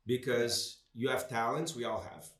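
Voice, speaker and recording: A man's voice: medium pitch, steady tone, moderate pace, a bit bright. A man with a French accent, a co-host, musing thoughtfully and searching for his words in casual chat. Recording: echoey room.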